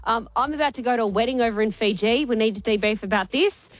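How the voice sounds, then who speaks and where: A hoarse woman with an Australian accent, hosting breakfast radio in a chatty, bubbly, self-mocking way. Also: a little high, fast, dry recording. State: hoarse from illness. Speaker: radio host.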